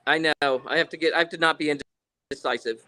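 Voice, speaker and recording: A man's voice: fairly high pitch, steady tone, fairly quick, bright, forceful tone, dry recording, poor audio. A man chatting casually as a guest over a phone, easygoing and rambling. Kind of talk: casual chat.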